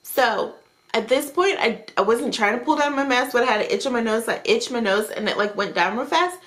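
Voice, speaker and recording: A young adult woman vlogger telling a story in a casual, animated, chatty way. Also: fairly high pitch, fairly quick. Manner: animated, chatty retelling with frequent "like".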